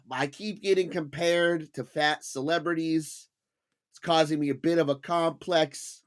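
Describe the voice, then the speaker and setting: A man's voice: on the high side, measured pace. A middle-aged man co-hosting a casual comedy podcast, telling stories with lots of animation and mocking voices. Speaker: podcast co-host.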